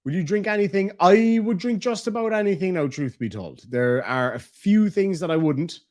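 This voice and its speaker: Joking Irish man, fairly high voice. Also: expressive, moderate pace, darkish tone, no echo, studio quality. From Ireland. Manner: joking, banter-filled, playfully crude. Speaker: livestream host. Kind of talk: casual livestream chat, reading viewer messages.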